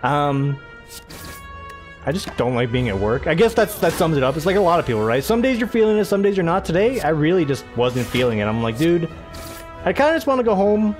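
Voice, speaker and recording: Soft music plays behind a young man from the United States who hosts a let's-play, laughing a lot as he rambles about his day mid-game. He speaks fairly quickly in a slightly high, sing-song voice.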